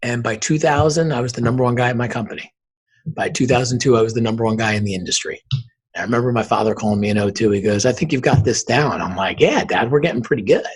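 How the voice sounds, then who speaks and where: A man's voice: medium pitch, fast talker, breathy edge. A man, a podcast guest earnestly telling his life story and acting out remembered conversations. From northern New Jersey. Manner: earnest storyteller who acts out quoted dialogue. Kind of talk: storytelling interview talk.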